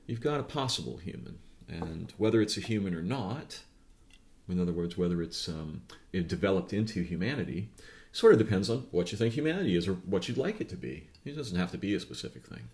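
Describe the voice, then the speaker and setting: A man's voice: low-pitched, lively intonation, brisk, darkish tone. A man speaking in a musing, digressive improvised monologue, full of fillers and tag questions like "right?" and "yeah?". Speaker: philosophical speaker. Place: outdoors or near a neighbor's noisy machine.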